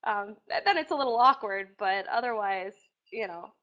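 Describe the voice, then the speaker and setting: A woman answering interview questions casually, chatty and animated, with acted-out quotes. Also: mid-range voice, moderate pace. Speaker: reality TV contestant being interviewed. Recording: dull lo-fi sound.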